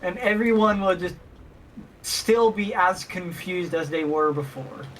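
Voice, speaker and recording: A player chatting casually during a game, with quick reactive remarks. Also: medium pitch, slight background noise, low-quality recording. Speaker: co-host gaming commentator. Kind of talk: casual gameplay chat.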